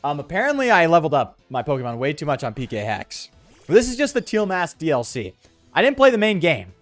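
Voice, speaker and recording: A man's voice: a little high, wildly swooping pitch, a little fast, dry recording, soft background music. A man doing casual, jokey commentary while he plays a game, using crude slang and reading the on-screen text aloud. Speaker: let's play streamer.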